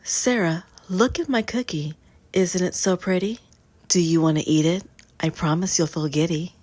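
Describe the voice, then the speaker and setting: A woman's voice: on the low side, normal speed, darkish tone, no echo, lightly acted. A woman voicing a hopeful, pleading character named Susie in a rhyming storybook reading. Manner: pleading, sing-song rhyming. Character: sad eager woman pleading people to eat her cookie.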